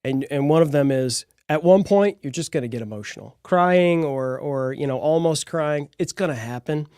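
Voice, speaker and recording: A man's voice: on the high side, moderate pace, a little mellow, clear, resonant tone, dry recording, studio quality. A man hosting a live podcast, talking in an upbeat, encouraging way. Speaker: podcast host.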